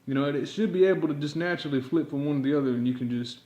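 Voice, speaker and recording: A man's voice: a little high, very fast, warm tone, roomy sound. A man teaching yodeling in a rambling, improvised monologue, filling his talk with constant fillers. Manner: rambling, packed with "you know" fillers.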